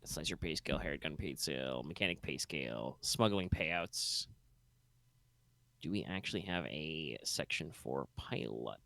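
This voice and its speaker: A man's voice: a bass voice, animated, unhurried, vocal fry, pushed and bright, no echo. A man running a tabletop game as game master, narrating loosely with plenty of fillers and restarts. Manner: rambling, many fillers and restarts.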